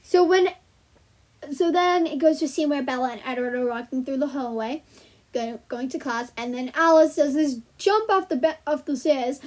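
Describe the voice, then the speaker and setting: A woman casually chatting and retelling film scenes in an animated, rambling way, full of "like," while drawing. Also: high-pitched, moderate pace. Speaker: host.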